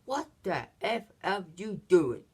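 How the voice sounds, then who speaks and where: A man's voice: high-pitched, big pitch swings, slow, husky, pitched above the performer's own voice, heavily acted. A man voicing an angry police boss who barks at a disobedient officer and swears in short bursts.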